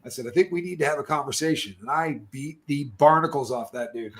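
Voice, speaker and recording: A man's voice: on the high side, fast talker, crowd noise. A middle-aged man telling stories in loose, casual chat, swearing and calling people dude and bro.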